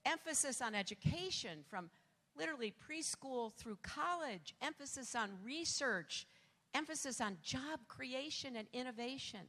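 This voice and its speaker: Older female candidate, rally speech, bright and forceful, big hall reverb. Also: sits high. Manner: rousing, rising to shouts on key lines. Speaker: political candidate. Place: large rally venue. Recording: long echo of a large hall.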